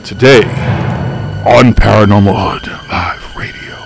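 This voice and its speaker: A man putting on a slow, dramatic movie-trailer announcer voice. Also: on the low side, steady tone, creaky, music in the background, voice pushed down. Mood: ominous. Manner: slow, hushed, ominous.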